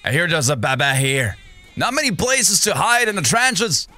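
A young man narrates his horror game run in a bright, ringing voice that swings widely up and down. He talks to himself the whole way through and yelps and gasps whenever something jumps out at him. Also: a little high, sing-song, normal speed. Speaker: gaming streamer. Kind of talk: horror game playthrough commentary.

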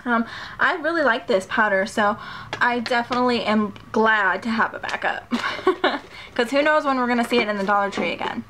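A woman's voice: on the high side, normal speed, pushed and bright, slight background noise. A woman vlogger chatting casually and gushing as she unboxes a package of makeup, a little out of breath. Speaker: beauty vlogger. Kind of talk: casual haul unboxing chat.

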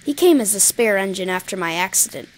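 A woman's voice: mid-range voice, animated, fast talker, lightly acted. A woman voicing a cheerful young male engine, talking in an eager, chatty way.

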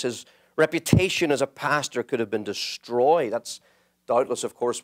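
A man preaching a sermon, emphatic and building to impassioned peaks. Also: mid-range voice.

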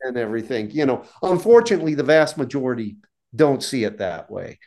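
A man, an author guest on a podcast, talking casually in halting speech with many restarts and repeated words. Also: medium pitch, very animated, dark tone. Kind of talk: casual interview talk.

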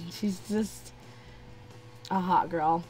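A young woman narrates a casual let's-play, chatting to her game characters as she goes, with faint game music behind her. Her voice is lowish and darkish in tone, with fairly even intonation and a very slow pace.

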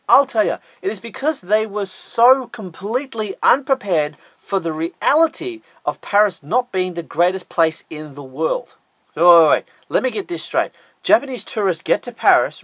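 A man's voice: high-pitched, lively intonation, normal speed, hardly any pauses, a bit bright, no room sound. An Australian man narrating a scripted top-ten list with sarcastic, jokey asides.

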